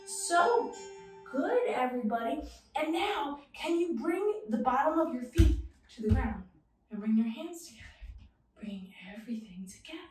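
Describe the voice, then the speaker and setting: A woman's voice: sits high, darkish tone. A young woman teaching a children's yoga class, playful and sing-song, encouraging the kids. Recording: very echoey room, voice from a distance.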